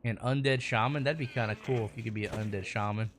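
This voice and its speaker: A man's voice: medium pitch, fast, a bit bright, slight background noise. A man casually chatting on his gaming stream, rambling and swearing freely as he talks through the game.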